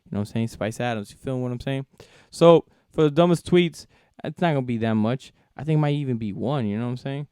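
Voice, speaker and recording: A man's voice: mid-range voice, fast talker, darkish tone, clear, resonant tone, no room sound, studio quality. A man hosting a solo sports podcast, ranting in a heated, profane way and repeating himself. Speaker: podcast host.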